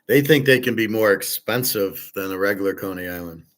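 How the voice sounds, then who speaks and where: Blunt, low-voiced man ranting casually. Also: fairly quick. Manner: blunt, opinionated, swears casually; rambling with fillers, trails off quietly. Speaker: host. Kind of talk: casual monologue.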